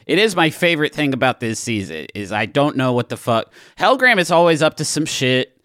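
A man's voice: mid-range voice, very animated, a little fast, fairly bright tone, no echo, studio quality. A man narrating a tabletop game podcast as game master, swearing casually.

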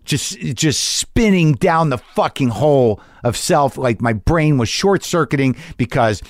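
A man's voice: fairly high pitch, animated, measured pace, no echo, studio quality. A middle-aged man from New Jersey hosting a podcast, telling a rambling, profane, self-mocking comic story in an anxious rush. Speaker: podcast host.

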